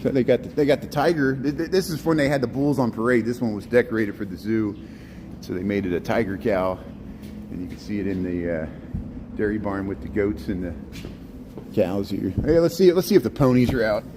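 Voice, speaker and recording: A man's voice: fairly quick, background noise. Chatty man vlogging a winter zoo walk. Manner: chatty, rambling, talks to the animals in a high playful voice. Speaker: walking tour vlogger. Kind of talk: casual walking vlog narration. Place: outdoors at a city zoo farm in winter.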